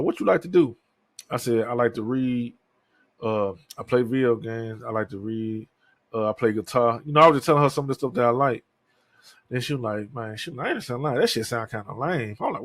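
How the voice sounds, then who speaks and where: A man's voice: medium pitch, no echo. A man in his thirties hosting a podcast alone, talking candidly in a rambling way and swearing often. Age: 30s. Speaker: podcast host. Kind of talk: casual solo monologue.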